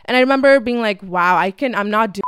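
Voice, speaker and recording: A woman's voice: mid-range voice, fast, a bit bright, smooth, no room sound, clean studio sound. A young woman telling a casual storytime vlog, chatty and swearing freely with lots of fillers. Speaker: vlogger.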